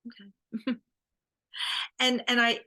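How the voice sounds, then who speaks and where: A woman divorce coach and private investigator in a conversational interview, animated and quick to laugh. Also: on the high side. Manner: animated, laughs often, acts out client quotes.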